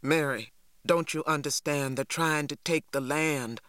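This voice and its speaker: A man voicing a stern, weary farmer father who speaks low, quiet and clipped. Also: a little slow, clear, resonant tone, no echo, studio quality. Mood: grim.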